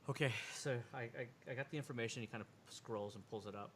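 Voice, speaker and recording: A man running a tabletop role-playing game, telling the scene in a rambling, animated way with a middle-pitched voice. He keeps piling on little lead-ins as he narrates. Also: fast talker, a little hiss or hum. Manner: rambling, animated storytelling with filler "and he just goes". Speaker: game master.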